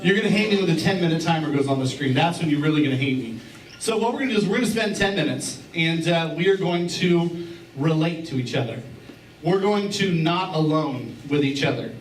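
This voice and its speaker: This middle-aged pastor preaches with a fairly high, animated voice at a brisk pace, keeping things conversational and joking while repeating key phrases. The audio comes from a distance in a roomy church sanctuary and carries a little hiss or hum.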